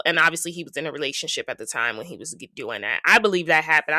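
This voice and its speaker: Woman podcast host, low bright voice, chatty gossip recap, dry close mic. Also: no room sound. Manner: chatty, gossipy, quotes people in playful asides. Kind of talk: casual reality TV recap.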